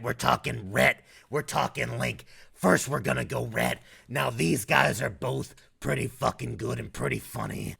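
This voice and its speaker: YouTuber, man from North Carolina, Southern accent, raspy fry-heavy voice, crude casual commentary. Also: mid-range voice, a bit bright. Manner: crude, profane and blunt.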